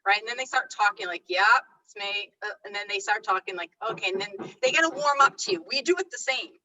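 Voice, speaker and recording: A woman leading a live real estate training session, chatty and animated, often stopping herself mid-thought. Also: medium pitch, fast, distant mic, low-quality recording. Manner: chatty, animated, self-interrupting.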